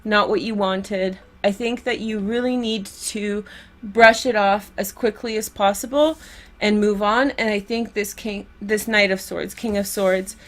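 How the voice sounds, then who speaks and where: Casual female tarot reader with a mid-pitched voice and a chatty, laughing delivery. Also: fairly even intonation, a little slow. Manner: chatty, laughs often, trails off and restarts.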